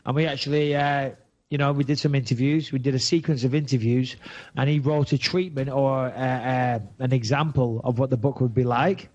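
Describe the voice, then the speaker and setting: A man's voice: medium pitch, normal speed, lo-fi sound. A man from England with a Lancashire accent, hosting a podcast in blunt, swearing casual chat. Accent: Lancashire English. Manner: blunt, swears freely, animated retelling. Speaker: podcast host.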